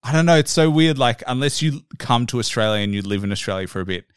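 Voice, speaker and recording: Easygoing guy hosting a podcast interview, smooth clear voice, dry close sound. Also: mid-range voice, expressive, fast, no room sound. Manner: easygoing, agreeable, many short yeahs. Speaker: host. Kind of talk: casual interview chat.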